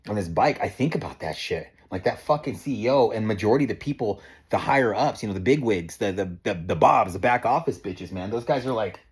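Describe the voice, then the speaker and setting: This fairly quick, expressive voice sits on the low side, with a breathy edge and almost no pauses. It's a motorcycle-owning vlogger in his forties delivering an angry, foul-mouthed monologue, adding "man" to his sentences and stumbling as he repeats and restarts words in agitation.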